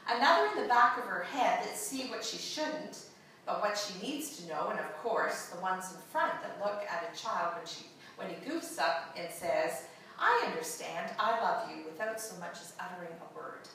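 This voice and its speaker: A woman voicing God as a patient male creator in a read-aloud story, with a slow, expressive delivery, recorded from far off in an echoey room. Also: fairly low pitch, a little hiss or hum. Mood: explaining.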